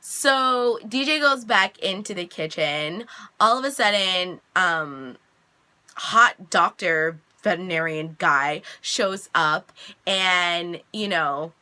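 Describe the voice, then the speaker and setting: A young woman casually recapping a TV episode, chatty and animated, jumping high in pitch when she quotes the characters. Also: slow pace. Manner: chatty, animated quoting with big pitch jumps. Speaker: reaction vlogger recapping an episode.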